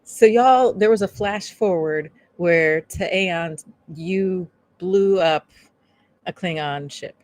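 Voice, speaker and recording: A woman in casual tabletop game chat, speaking slowly in a lowish voice. She hesitates and thinks aloud, filling gaps with ums. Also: a little mellow. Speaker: player.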